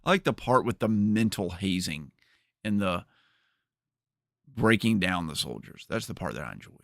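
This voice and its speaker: A man's voice: low voice, lively intonation, moderate pace, gravelly, fairly bright tone, no echo, clean studio sound. A man hosting a livestream, chatting casually and rambling with jokes to his viewers. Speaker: streamer host.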